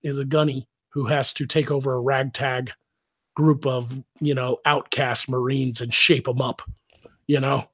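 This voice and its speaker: A man's voice: mid-range voice, little pitch movement, unhurried, a bit bright, breathy edge. A man hosting a live stream, telling stories in a casual, rambling way with lots of swearing. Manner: profane, rambling, laughs often. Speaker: stream host. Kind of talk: casual storytelling chat.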